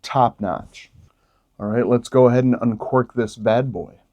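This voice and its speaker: Slow-talking, mellow-voiced man. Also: medium pitch, dull audio. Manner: relaxed, jokey, exclaims while tasting. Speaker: beer vlogger. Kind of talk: casual tasting vlog.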